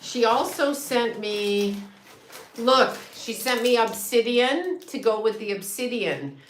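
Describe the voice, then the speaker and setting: Excitable woman livestreaming from home, swears a lot, echoey room, little bit of hiss. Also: a little high, slow pace. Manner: chatty and excitable, swears freely, laughs often. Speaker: psychic medium and astrologer livestream host. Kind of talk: casual livestream chat. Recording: echoey room with faint noise.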